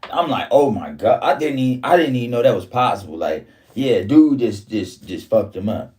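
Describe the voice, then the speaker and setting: A man telling a story in casual, profane street talk, his voice jumping up high whenever he quotes himself. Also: expressive, moderate pace, a little mellow, distant mic.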